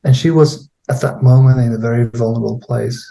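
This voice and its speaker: A middle-aged man with a gravelly, dark and mellow voice tells how a therapy session went. He searches for words as he goes and plays out the lines spoken in the session. He is a guest trainer in a conversation. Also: medium pitch, fairly even intonation. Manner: unhurried, searching for words, acting out his own and a client's lines. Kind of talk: recounting a therapy case in conversation.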